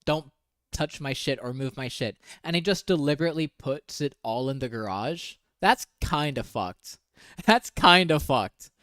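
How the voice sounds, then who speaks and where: A man streaming casual commentary, working through screenshots of messages. He reads the texts in a flat, quiet mumble, then breaks out in profane disbelief. His voice sits at a middle pitch, recorded close and dry with no room sound. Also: moderate pace, no echo.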